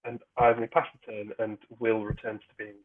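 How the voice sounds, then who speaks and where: Brief: husky male player on a tinny phone-like line, halting as he explains his plays. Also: fairly low pitch, little pitch movement. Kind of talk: casual game chat.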